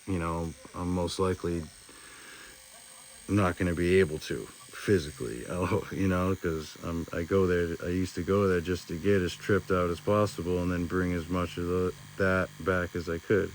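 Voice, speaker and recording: A man's voice: sits low, fairly even intonation, normal speed, slight background noise. A man casually telling a rambling personal story, swearing often and filling in with "like" and "you know".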